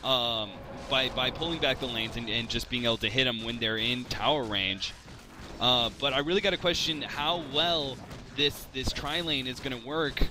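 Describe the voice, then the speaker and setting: A man's voice: mid-range voice, moderate pace, noisy background. A man commentating a video game match, rambling with lots of fillers and restarts. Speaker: esports commentator.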